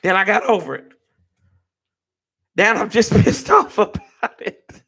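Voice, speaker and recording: A fired-up man rants to his live-stream viewers. His high voice has a gravelly edge, and he swears freely and calls everyone y'all. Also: a little slow, fairly bright tone. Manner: fired-up, ranting, profane. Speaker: sports fan show host.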